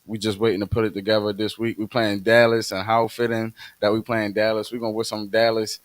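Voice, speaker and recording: A man with a Baltimore accent co-hosting a podcast, talking earnestly and haltingly, often repeating his words as he goes. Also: fairly low pitch, level tone, no room sound. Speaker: podcast co-host. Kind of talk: casual chat.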